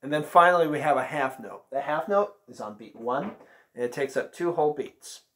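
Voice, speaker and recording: A man's voice: a little high, expressive, brisk, a bit bright. A man teaching an online band lesson, patiently counting beats aloud and calling out note names.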